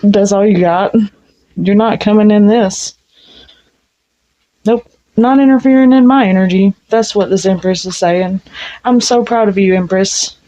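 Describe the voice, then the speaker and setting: A woman's voice: medium pitch, unhurried, long pauses, dark tone. A woman giving a casual tarot reading, blunt and frank, swearing freely. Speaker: tarot reader. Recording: dull lo-fi sound.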